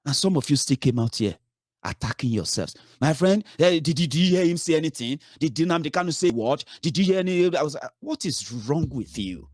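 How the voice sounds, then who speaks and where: A man's voice: a little high, expressive, a little fast, a little mellow, no echo, clean studio sound. A man giving a heated political commentary, scolding his listeners with rhetorical questions and swearing.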